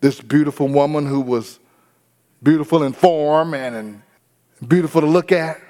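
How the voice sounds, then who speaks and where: Male pastor, storytelling sermon, slightly high voice, long hall reverb. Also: moderate pace, mellow. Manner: storytelling, addresses congregation directly.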